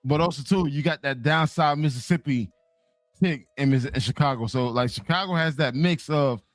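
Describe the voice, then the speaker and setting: A man hosting a casual group chat, loud and profane, laughing often. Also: a little high, normal speed, dry recording, clean studio sound, soft background music. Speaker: podcast host.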